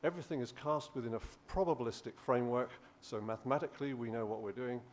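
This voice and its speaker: A man's voice: medium pitch, fast, slight background noise. A male professor giving a conference lecture, explaining steadily with frequent restarts. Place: conference hall.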